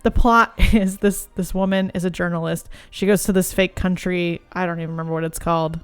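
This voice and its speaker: A woman's voice: on the low side, steady tone, brisk, clean tone, faint music behind. A woman therapist co-hosting a podcast in casual chat, chatty and laughing often.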